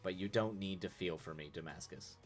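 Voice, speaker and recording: A man's voice: deep voice, fairly quick, faint music behind. A man reading as a bitter, defensive young woman. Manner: sharp, bitter, scoffing.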